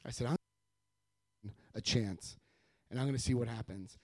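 A man speaking at a recovery meeting, telling his own story to an audience in a lively, self-mocking way with jokes. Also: mid-range voice, normal speed, no room sound. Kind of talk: humorous personal storytelling to an audience.

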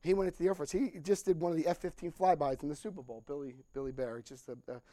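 An older man telling a story at a recovery meeting, animated and acting out the dialogue, laughing as he goes. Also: a little high, fast talker, no echo. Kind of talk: storytelling talk.

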